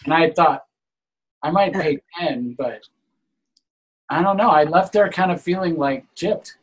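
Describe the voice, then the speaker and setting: A man's voice: fairly high pitch, unhurried, breathy edge, rough recording. A man casually telling a story on a group call, earnest and a little aggrieved.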